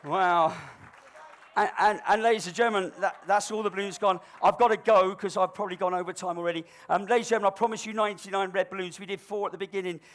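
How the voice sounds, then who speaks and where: A man's voice: high-pitched, steady tone, fast talker, a faint crowd. A middle-aged man doing live stage comedy as a balloon performer, with cheeky, cajoling banter aimed at an audience volunteer.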